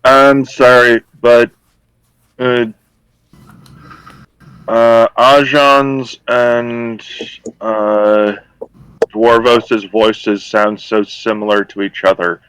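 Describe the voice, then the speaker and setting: A man at an online tabletop game who speaks slowly and hesitantly, apologizing often. His voice sounds dry and close over voice chat. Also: medium pitch, level tone, a bit bright, smooth, no echo, poor audio. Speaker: player.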